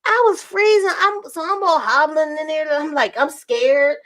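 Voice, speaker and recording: A woman's voice: high-pitched, moderate pace, fairly bright tone. A young woman vlogging to camera in casual storytelling, acting out quoted lines in a raised voice and laughing often.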